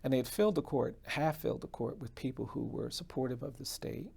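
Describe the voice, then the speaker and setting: Gravelly, husky man telling a story. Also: medium pitch, expressive, a little mellow. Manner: measured, earnest storytelling. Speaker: guest, defense attorney. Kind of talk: storytelling in an interview.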